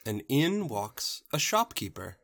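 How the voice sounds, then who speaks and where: Casual podcast co-host, mid register, lively, dry humor. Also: medium pitch, slow, creaky. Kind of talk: casual chat.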